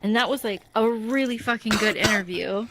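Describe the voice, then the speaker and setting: A woman's voice: medium pitch, fairly quick, background noise. A woman co-hosting a podcast, chatting loosely with lots of fillers and easy laughs. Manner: relaxed, filler-heavy, laughs easily. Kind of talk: casual chat.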